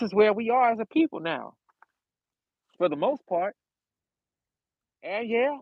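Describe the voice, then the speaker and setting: A man's voice: sits high, sing-song, a little slow, pauses often, no room sound, muffled recording. A man preaching a sermon and praying in an impassioned, preacherly cadence, repeating his phrases. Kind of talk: sermon with prayer.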